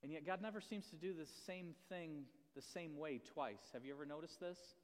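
A high-voiced male pastor preaches conversationally, tossing questions to his listeners and poking fun at himself. His voice carries through a church sanctuary with a long reverb tail. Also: moderate pace. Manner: conversational, self-deprecating, asks the audience questions. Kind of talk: sermon. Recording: long reverb of a large hall.

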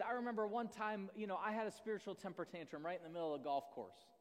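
A high-voiced male pastor preaches conversationally, tossing questions to his listeners and poking fun at himself. His voice carries through a church sanctuary with a long reverb tail. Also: very animated, quick pace, few pauses. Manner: conversational, self-deprecating, asks the audience questions. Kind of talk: sermon. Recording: long reverb of a large hall.

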